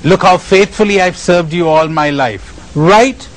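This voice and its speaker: A man's voice: high voice, measured pace, poor audio. An Indian-accented man voicing a pious old man who wheedles and bargains insistently with God. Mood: pleading.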